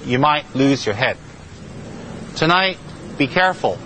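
An old abbot speaking slow, firm, repeated warnings and advice, as a man puts him on in a told story. The voice sits in an ordinary middle register. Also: medium pitch, expressive, sharp tone, a little hiss or hum, poor audio. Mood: calm teaching. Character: old laughing male abbot giving calm advice.

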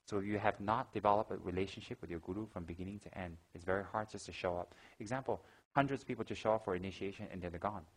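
A man with a fairly low voice gives a dharma talk at a quick clip. He moves between teaching and lively anecdotes, acting out gasps and the lines of people in his stories. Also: poor audio. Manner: animated storyteller, acts out gasps and quotes. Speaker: Buddhist teacher.

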